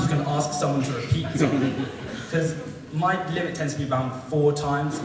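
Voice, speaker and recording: A man's voice: fairly high pitch, steady tone, normal speed. A young man from London doing a self-deprecating, rambling student stand-up set in front of a live audience. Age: young adult. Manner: self-deprecating, rambling, lots of ums and restarts. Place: live comedy venue with audience. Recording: echoey hall, mic from far off, audible noise.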